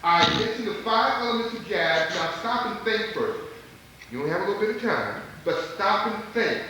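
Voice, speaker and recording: A man with a high, very lively voice runs a playful quiz for audience members, teasing and laughing between questions. He sounds distant in a big echoing hall. Steady noise from an old videotape sits under him. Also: moderate pace. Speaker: emcee quizzing audience members. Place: large college event hall. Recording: echoey hall taped from far off, noisy old videotape.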